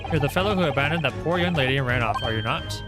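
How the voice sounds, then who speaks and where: A man's voice: mid-range voice, expressive, very fast, close to an everyday voice. A man voicing an eccentric, grandly polite male detective with an airy, mocking manner. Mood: breezy. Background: loud game music.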